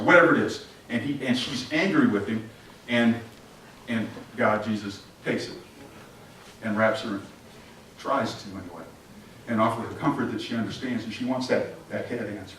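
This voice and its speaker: An animated pastor addresses his congregation with questions and acts out scenes in a mid-range voice at a moderate pace. The sermon was captured in an echoey church sanctuary from a distant mic.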